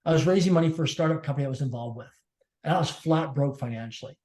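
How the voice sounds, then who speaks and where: A man's voice: a little high, very fast, darkish tone. A man telling a personal story as a podcast guest, emphatic and repeating his key phrases. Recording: echoey room.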